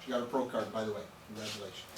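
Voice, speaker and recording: A man's voice: lowish voice, steady tone, very fast. Emphatic man in an echoey room. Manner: emphatic, repeats words and asks "okay?". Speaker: nutrition trainer. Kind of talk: live training talk to a small group. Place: room with an audience. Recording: echoey room, distant mic, faint noise.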